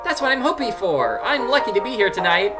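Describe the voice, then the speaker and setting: A man's voice: high voice, big pitch swings, fairly quick, over loud music. A man voicing a kindly, hapless male cat politician with a put-on Southern accent. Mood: earnest.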